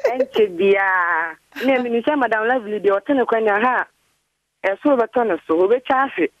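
A woman's voice: fairly high pitch, very animated, normal speed, no echo. A woman calling in to a radio show, speaking earnestly about her prayers for someone. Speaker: caller. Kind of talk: phoned-in chat. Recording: tinny phone line.

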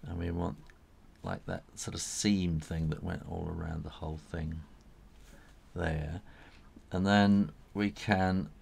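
An older man walks through a drawing lesson in a loose, meandering way, chuckling as he sketches. His voice sits very low with a gravelly texture. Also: flat delivery, takes it slowly, a little mellow. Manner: rambling, chuckles while sketching, many fillers. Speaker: drawing teacher. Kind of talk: casual drawing tutorial.

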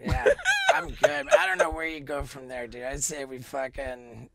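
A man's voice: medium pitch, wildly swooping pitch, moderate pace, gravelly, over a noisy crowd. A man hosting a podcast, talking in a laid-back, earnest way and swearing casually as he thanks listeners. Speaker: podcast host. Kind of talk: casual podcast chat and outro. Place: podcast studio.

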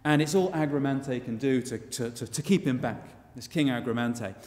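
A man tells a tale live with wry, chatty asides, his voice sitting at a middle pitch. It rings with a long reverb in a church. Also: normal speed, a little mellow. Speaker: storyteller. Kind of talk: live comic storytelling.

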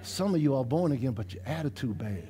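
A middle-aged man from New Orleans with a New Orleans accent, a pastor preaching a lively sermon to his congregation in a church. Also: medium pitch, quick pace. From New Orleans, USA. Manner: animated preaching, dialect-rich, talks straight to the congregation. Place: church sanctuary.

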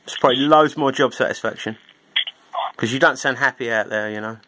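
A man's voice: medium pitch, brisk. A man calling on the phone and needling the person who answers with sarcasm. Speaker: caller. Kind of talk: recorded phone call. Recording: noisy phone line.

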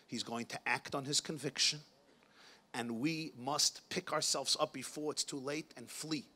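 A man voicing an old grandfather, a wealthy survivor, who tells his family's story slowly and solemnly in a hushed voice. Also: mid-range voice, steady tone, pitched below the performer's own voice. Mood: grave. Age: older. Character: old Holocaust-survivor grandfather, rich businessman, grave and wise.

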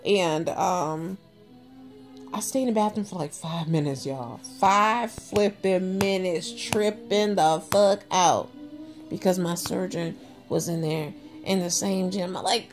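A woman vlogger, telling a story to her viewers in a casual, animated way and swearing freely. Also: lowish voice, slow pace, music in the background.

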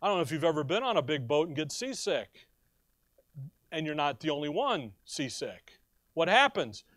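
A man's voice: fairly high pitch, normal speed, no room sound, clean studio sound. A male pastor preaching a sermon to his congregation, asking them questions and telling personal stories. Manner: animated, asks the congregation questions. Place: church.

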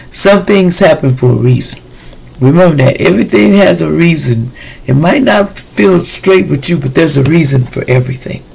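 A man's voice: mid-range voice, gravelly, a little mellow, breathy edge, poor audio. A man giving a casual weekly tarot reading, chatty and slangy, talking straight to his viewers. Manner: chatty, loose and slangy, addresses viewers directly. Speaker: tarot reader.

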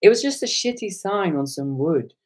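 A hoarse man talking on a live stream, retelling an encounter with animated, indignant energy. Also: sits high, normal speed. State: hoarse from shouting. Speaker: online commentator.

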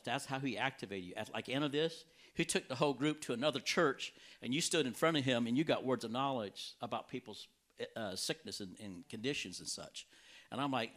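Lively man telling a church testimony. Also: fairly quick. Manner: animated storyteller, voice jumps high for quoted reactions. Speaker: healing evangelist.

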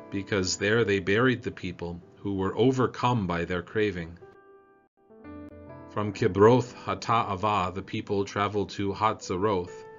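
A man leading a church devotion, reading scripture and prayers in a measured, solemn way. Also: on the low side, fairly bright tone. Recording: dull lo-fi audio with faint music.

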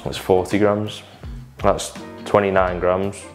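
A man's voice: sits low, little pitch movement, slow pace, music in the background. A young man chatting and joking as he learns to cook from his girlfriend. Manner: joking, self-mocking banter. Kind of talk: casual cooking chat.

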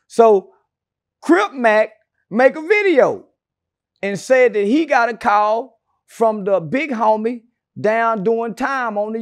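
A man's voice: very high-pitched, no echo, clean studio sound. A man being interviewed, telling stories in a brash, profane and mocking way with sarcastic asides. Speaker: interview guest. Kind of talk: casual interview storytelling.

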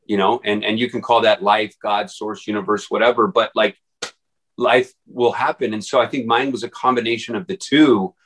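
A man's voice: fairly low pitch, steady tone, moderate pace, fairly bright tone, poor audio. A man guest on an interview podcast, telling his story casually in a rambling way with many fillers and restarts. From Texas.

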